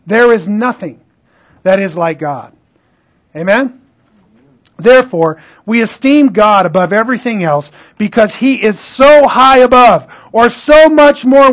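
A man preaching a sermon, checking in with the congregation through repeated asides and rhetorical questions, his voice rising on emphasis and dropping low and quiet. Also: lo-fi sound.

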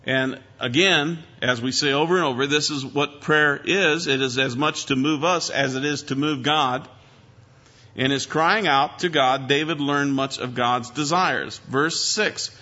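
A man preaches with a bright, forceful voice. He swings between loud emphasis and hushed asides. The sound is dull and lo-fi. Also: a little high, measured pace. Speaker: pastor. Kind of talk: sermon. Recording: dull lo-fi recording.

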